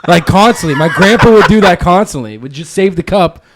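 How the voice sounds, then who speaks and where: Chill podcast guy, kinda high voice, swears, bit of noise behind him. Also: lively intonation, fairly quick. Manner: laid-back, laughs often, swears. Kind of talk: casual chat.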